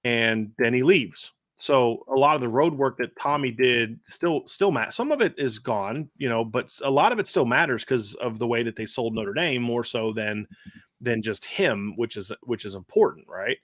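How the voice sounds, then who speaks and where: A man's voice: mid-range voice, lively intonation, moderate pace, fairly bright tone, no echo, clean studio sound. A man hosting a football podcast, giving blunt, opinionated analysis in casual chat with frequent restarts.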